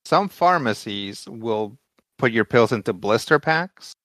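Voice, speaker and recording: A man's voice: medium pitch, lively intonation, a little slow, a bit bright, no room sound. A middle-aged man co-hosting a podcast in casual chat, telling things in an easygoing, reflective way. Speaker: podcast co-host.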